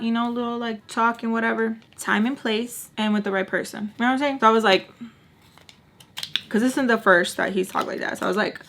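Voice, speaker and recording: A woman's voice: mid-range voice, steady tone, fairly quick. Young woman, casual storytime vlog, chatty, acts out quotes. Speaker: storytime vlogger.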